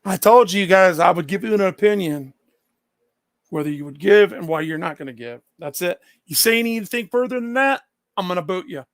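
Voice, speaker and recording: Blunt, confrontational male streamer; high, gravelly voice, swears freely. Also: expressive, brisk, no room sound. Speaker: livestreamer answering his chat. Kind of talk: casual livestream chat.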